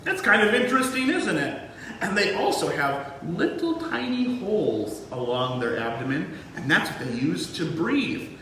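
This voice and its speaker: Lively man teaching small children. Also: high-pitched, moderate pace, slight background noise. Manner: lively, sing-song, talks to kids. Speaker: museum educator. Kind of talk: children's lesson. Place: museum room. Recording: echoey room, mic far off.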